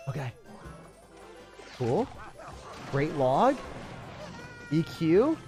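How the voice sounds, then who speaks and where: A man giving excited, self-mocking commentary over his own gameplay, full of gamer slang, swinging from hype to groans. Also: medium pitch, moderate pace, music in the background. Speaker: gaming creator.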